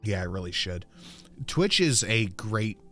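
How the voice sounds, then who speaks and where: A man's voice: lowish voice, very animated, a little slow, sharp tone, faint music behind. A man hosting a live stream, laid back and swearing, plugging his channel. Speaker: streamer host. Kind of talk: casual live-stream talk.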